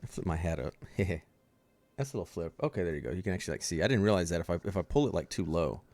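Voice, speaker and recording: Deep-voiced man joking through a game. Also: expressive, racing, a little mellow. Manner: joking, rambling, swears. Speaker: streamer playing a game mod. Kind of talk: casual gaming commentary. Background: faint game music.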